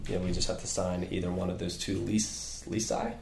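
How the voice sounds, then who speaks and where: This fairly low-pitched man, who owns a physical therapy clinic, is a guest on a casual podcast, energetic and rambling with lots of fillers and restarts. His delivery is monotone and brisk, with a gravelly, dark tone, in an echoey room.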